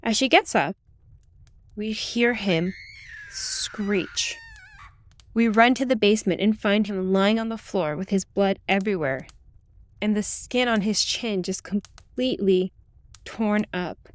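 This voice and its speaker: A woman reading a true ghost story aloud in the first person, with calm, steady storytelling. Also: mid-range voice, slow, pauses often, no room sound. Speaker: narrator. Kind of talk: scripted ghost story narration.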